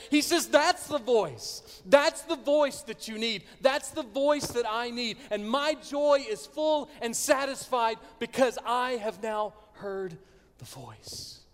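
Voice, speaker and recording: A man preaching a sermon, swinging between loud declarations and hushed near-whispers. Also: very high voice. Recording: long hall reverb.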